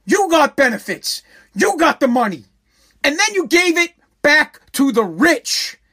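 High-voiced sarcastic ranter. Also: very animated, measured pace, pushed and bright. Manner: sarcastic, profane, scolding; repeats phrases for emphasis. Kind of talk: ranting monologue to viewers.

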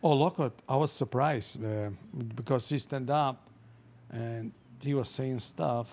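A man's voice: mid-range voice, a little slow, a little mellow, a little hiss or hum. A man from the Middle East, the host's father, speaking in broken English and laughing as he talks.

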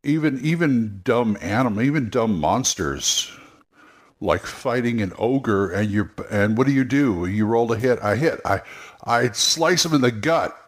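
A man's voice: medium pitch, animated, measured pace. A man hosting a podcast, talking casually and rambling with many restarts. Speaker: podcast host, game master.

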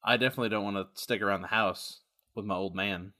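A man playing in a tabletop role-play, speaking in character in a casual, deadpan way. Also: lowish voice, fast talker. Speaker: player.

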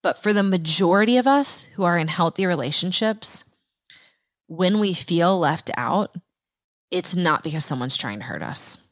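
Animated woman podcast host telling a story. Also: normal speed, dry recording, studio quality. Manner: animated, acts out her own quoted voice in higher pitch. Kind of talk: personal storytelling on a faith podcast.

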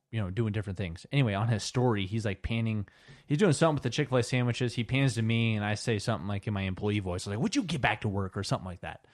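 Lower-voiced dude cohosting, telling stories and laughing along. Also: male voice, darkish tone. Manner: tells stories, laughs easily. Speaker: podcast co-host. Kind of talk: casual chat.

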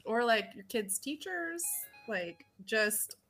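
A woman in her thirties chats as a podcast guest, rambling through her stories with constant "like" fillers. Her voice sits a little high and sounds bright and forceful. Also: animated, slow pace, faint music behind. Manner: chatty storytelling with lots of "like". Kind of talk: casual chat.

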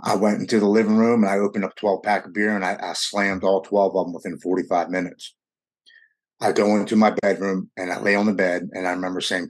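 A man in his forties appears as a guest and tells his own recovery story in conversation. His lower-pitched voice keeps a level tone at a brisk pace. He is earnest and emotional, often stammering and restarting mid-sentence.

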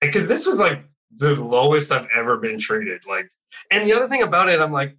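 Rambling man telling a story, bright-voiced. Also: on the high side, very animated, a little fast, low-quality recording. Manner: rambling, heavy on "like", swears a lot. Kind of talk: casual podcast chat.

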